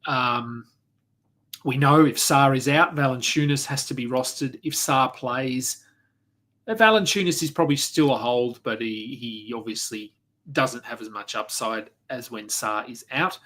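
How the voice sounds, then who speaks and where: A man hosting a solo fantasy sports podcast, running through advice in a conversational way, thinking aloud with fillers and quick self-corrections. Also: medium pitch, bright, forceful tone. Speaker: fantasy basketball podcast host.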